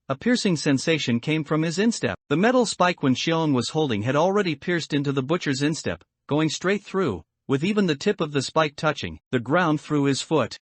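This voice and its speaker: A man reading a scripted horror comic recap in a steady, even storytelling manner. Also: a little high, no room sound. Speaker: narrator.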